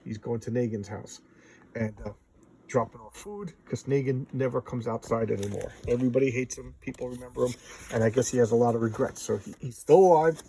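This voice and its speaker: Male comic reviewer, warm low-key timbre, rambling story-style recap. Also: slight background noise, rough recording. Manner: loose storytelling recap, briefly acts out character lines. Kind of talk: casual comic book recap.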